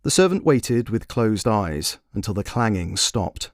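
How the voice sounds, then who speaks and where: A man's voice: lowish voice, very animated, normal speed, hardly any pauses, dry recording, studio quality. A man narrating a fairy tale he wrote, in a wry, playful storytelling manner. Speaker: storyteller and author.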